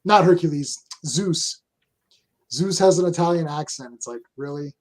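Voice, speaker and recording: A Canadian man hosting a casual chat, rambling through animated opinions with many restarts. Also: on the high side, moderate pace. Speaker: host.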